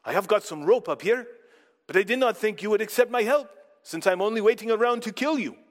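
Impatient spanish swordsman guy, a preacher putting him on, polite formal talk, fake spanish accent, high-ish voice, big echoey hall. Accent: attempted Spanish accent. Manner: courteous, formal phrasing.

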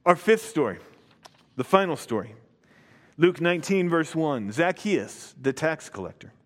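A man with a high voice preaching a sermon, reading a passage and then explaining it. He presses hard on key words and slows down to let them land. His voice carries a long reverb, as in a large hall. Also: animated, a bit bright. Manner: emphatic, drawing out key words.

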